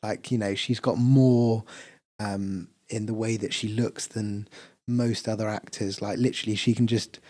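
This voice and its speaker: Dark-voiced man rambling through a film recap. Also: on the low side, steady tone, measured pace, dry recording. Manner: rambling recap with many fillers. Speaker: podcast co-host. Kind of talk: casual film chat.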